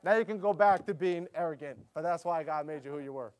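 A man preaching a sermon, telling a missionary story in a loose, conversational way with many fillers, often turning loud and emphatic. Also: fairly high pitch, fast, a little hiss or hum.

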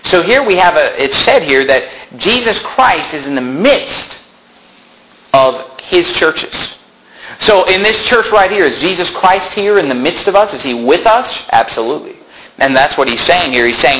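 A pastor preaching a sermon in a church, explaining scripture with rhetorical questions and folksy asides. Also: male voice, a little high, lively intonation, normal speed, background noise.

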